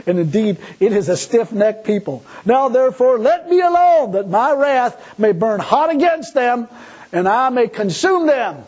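A man's voice: sits high, mellow, slightly rough, muffled recording. A male preacher giving a folksy sermon, talking colloquially and acting out the pleas he quotes. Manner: colloquial, laughs at own jokes, acts out quoted pleas.

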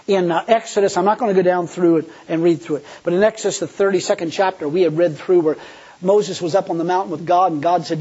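A man's voice: high-pitched, mellow, breathy edge, dull audio. A male preacher giving a folksy sermon, talking colloquially and acting out the pleas he quotes. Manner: colloquial, laughs at own jokes, acts out quoted pleas.

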